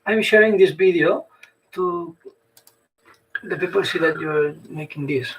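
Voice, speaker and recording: Brief: man with a high, raspy-edged voice, halting as he explains. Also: very animated, fairly bright tone, a little hiss or hum, poor audio. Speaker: helper posting the video.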